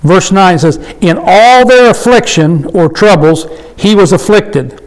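A man leading an informal Bible study, reading verses slowly and then explaining them plainly, asking the group questions. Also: high-pitched, low-quality recording. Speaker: Bible teacher.

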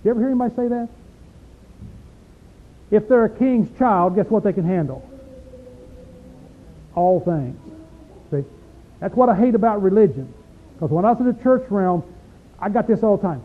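A man preaches in a homely, talk-to-you way, firing questions at his listeners. His voice sits high, and the recording is thin and tinny, like a phone line. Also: animated, moderate pace, pauses often, slight background noise. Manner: folksy, conversational, asks the listeners questions. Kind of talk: sermon.

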